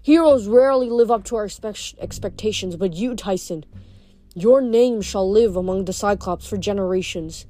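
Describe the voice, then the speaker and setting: A woman's voice: mid-range voice, natural voice. Woman doing a weary, fading old nature god. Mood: sorrowful. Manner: soft, slow, sorrowful delivery.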